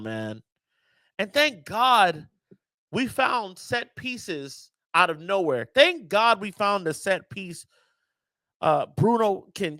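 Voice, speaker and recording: Fan-channel host: man, high pitch, dry room, emphatic and exasperated. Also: pushed and bright, no echo. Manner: emphatic, exasperated, addresses viewers directly. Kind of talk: casual reaction rant.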